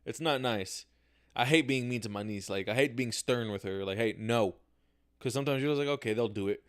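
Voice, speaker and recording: A young man hosts a casual solo podcast livestream, speaking directly into a camera. He sounds candid and unpolished, dropping slang and swearing freely as he acts out his own reactions. His voice sits at an ordinary middle pitch for a man. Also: quick pace, clear, resonant tone. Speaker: podcast host. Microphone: camera mic, talking to camera.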